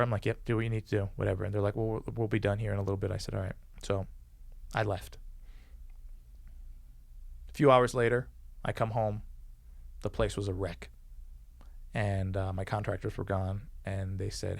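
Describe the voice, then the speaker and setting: A man with a gravelly, creaky voice recounts a story as a podcast guest. He is animated and acts out the people he quotes, with frequent swearing. The sound is dry and close, with no room echo. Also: fairly low pitch, a little fast, long pauses. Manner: swears freely. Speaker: podcast guest, former police officer. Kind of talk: casual storytelling.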